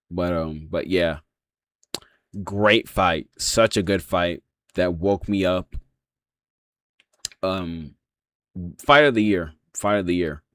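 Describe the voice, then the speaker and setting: A man with a lowish voice talks through a fight breakdown in a loose, rambling way, filling his pauses with 'um' and swearing often. The sound is dry and close, with no room around it. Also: a bit bright, dry recording. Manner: rambling, heavy swearing, many fillers. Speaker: MMA reaction channel host.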